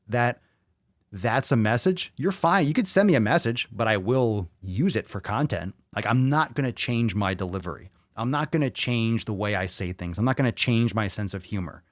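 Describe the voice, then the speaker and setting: Man, podcast host, combative rant, lots of cursing, mid pitch, dry sound. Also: no room sound. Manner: blunt, combative, heavy swearing. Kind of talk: profane rant reading viewer comments.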